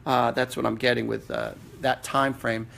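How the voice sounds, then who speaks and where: A man hosting a live psychic reading, with a middle-pitched voice. He speaks in an earnest, halting way, trails into fillers and restarts his sentences as he works through each viewer's question. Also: flat delivery, vocal fry, a bit bright. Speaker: psychic medium host.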